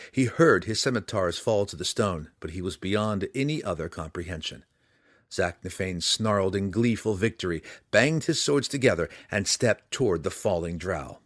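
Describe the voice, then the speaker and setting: A man narrating a fantasy audiobook in an expressive, dramatic reading. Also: low-pitched, no echo, clean studio sound.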